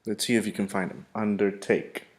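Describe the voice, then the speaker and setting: Man teaching vocabulary, slow and emphatic. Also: mid-range voice, expressive. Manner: slow, emphatic pronunciation with repeated words. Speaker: English teacher. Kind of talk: vocabulary lesson.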